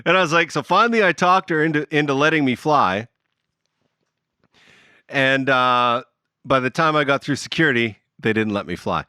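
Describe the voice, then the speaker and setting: A man's voice: mid-range voice, normal speed, long pauses, smooth, dry recording, studio quality. A middle-aged man, a band musician guesting on a podcast, telling a long story in casual conversation, swearing freely and laughing along. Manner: animated, profane, laughs through his own story.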